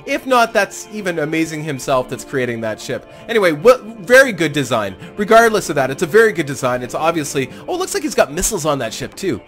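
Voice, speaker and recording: A man's voice: a little high, quick pace, hardly any pauses, faint music behind. A man hosting a fan game tournament, chatting casually and commentating on the matches. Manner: animated, chatty, self-deprecating with laughs. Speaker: gaming YouTuber hosting a tournament.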